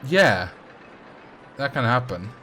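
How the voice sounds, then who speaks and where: A man's voice: mid-range voice, very animated, slow, pushed and bright, a little hiss or hum. A man from the Netherlands with a Dutch accent, chatting casually on a game livestream and rambling with fillers as he reacts to chat. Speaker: streamer.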